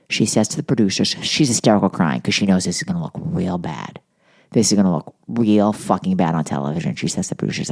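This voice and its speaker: A woman's voice: a bass voice, a little fast. A middle-aged woman co-hosting a podcast, telling gossipy, profane stories in casual chat. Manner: gossipy, profane, animated storytelling. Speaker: podcast co-host.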